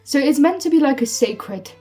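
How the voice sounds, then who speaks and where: A young woman telling a storytime vlog, swearing freely and filling her talk with "like", heated and animated. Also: high-pitched, normal speed. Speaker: storytime vlogger. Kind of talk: casual storytime rant. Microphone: phone. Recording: phone mic from a distance with faint music.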